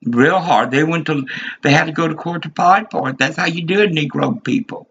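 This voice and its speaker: A man's voice: a little high, brisk, vocal fry, fairly bright tone, slightly rough. A man in his fifties giving an agitated, rambling monologue, repeating himself as he vents. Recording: dull lo-fi recording.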